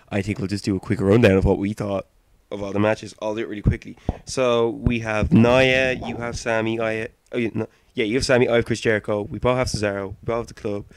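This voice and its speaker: A man's voice: fairly low pitch, fairly even intonation, fairly quick, dry recording. A British man co-hosting a podcast in casual chat, playful and teasing. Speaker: podcast co-host.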